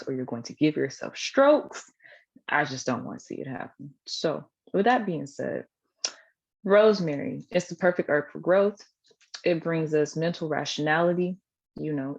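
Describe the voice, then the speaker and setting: A woman's voice: low-pitched, darkish tone. A woman giving a casual spiritual teaching talk, blunt, profane and affectionate toward her listeners. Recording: dull lo-fi sound.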